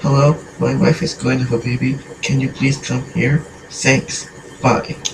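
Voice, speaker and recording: Give me a man playing a stern father, plain and halting, in an echoey room with faint hiss. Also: mid-range voice, little pitch movement, vocal fry, far from the mic, lightly acted. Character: worried father and husband.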